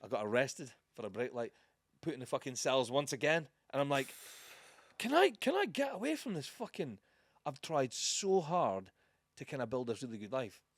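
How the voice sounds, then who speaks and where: A man's voice: medium pitch, huge pitch swings, moderate pace, no echo, clean studio sound. A man hosting a podcast, a former soldier who tells blunt anecdotes full of swearing. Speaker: podcast host. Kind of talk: casual chat.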